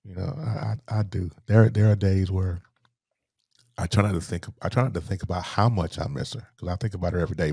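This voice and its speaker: A middle-aged man, softly telling a personal story as a podcast guest, halting and restarting as he speaks. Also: deep voice, fairly even intonation, creaky, breathy edge, no echo, studio quality. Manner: soft-spoken, halting, with repeated restarts.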